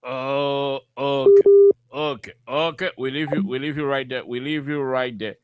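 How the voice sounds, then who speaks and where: A man hosting a call-in radio show, briskly repeating his words as he moves between callers. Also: medium pitch, smooth, no echo.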